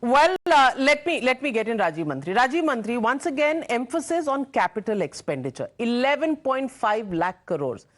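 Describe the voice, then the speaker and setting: A woman with an Indian English accent anchoring a live TV panel debate, briskly steering the discussion between guests. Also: on the high side, very animated. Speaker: news anchor moderating a panel.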